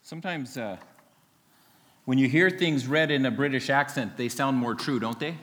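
A pastor gives a sermon in a church sanctuary, friendly and earnest, joking at times and using many small fillers. His mid-range voice is fairly bright and at a normal speed, with the long reverb of a large hall.

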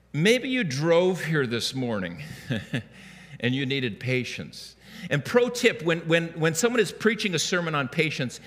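A man's voice: fairly high pitch, fairly bright tone. A man preaching a sermon in a church, telling stories in a conversational way and often restarting his words. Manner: conversational storytelling with many restarts. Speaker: pastor. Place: church sanctuary. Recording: long hall reverb.

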